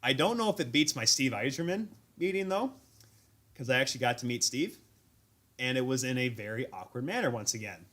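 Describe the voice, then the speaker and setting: Bright-voiced man telling sports stories. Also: medium pitch, fairly quick. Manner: animated storytelling, self-deprecating. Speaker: host. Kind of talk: casual sports chat. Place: remote stream call.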